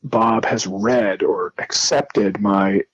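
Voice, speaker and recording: Man, middle-aged, from New Jersey, podcast guest, casual storytelling, husky, dry sound. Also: lowish voice, drawn-out words, no echo, dull audio. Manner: animated, acts out quoted dialogue with many restarts.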